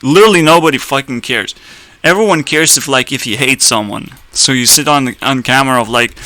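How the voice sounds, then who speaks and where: A man's voice: mid-range voice, moderate pace, sharp tone, no echo, poor audio. A young man ranting in a blunt, sarcastic way, swearing often and laughing at his own jokes. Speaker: streamer. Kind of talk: profane ranting commentary.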